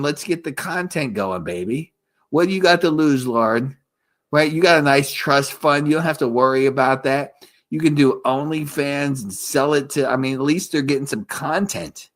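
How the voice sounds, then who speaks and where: A man's voice: medium pitch, moderate pace, a bit bright. A man hosting a live stream in casual chat, rambling crudely and repeating himself.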